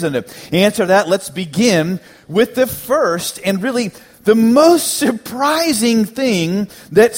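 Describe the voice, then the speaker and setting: Pastor, man, higher voice, preaching with lively humor and punchy repeats. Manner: animated, joking preacher with emphatic repetitions. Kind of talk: sermon. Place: church sanctuary.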